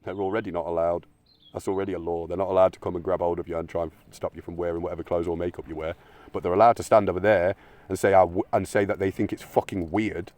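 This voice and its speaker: A man delivers a combative, sweary monologue in a deep voice. He argues with imagined critics and sometimes mocks them in silly put-on voices. The close recording is dry, with little room sound. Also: flat delivery, fast, a little mellow, no room sound. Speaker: video essayist. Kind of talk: opinionated monologue.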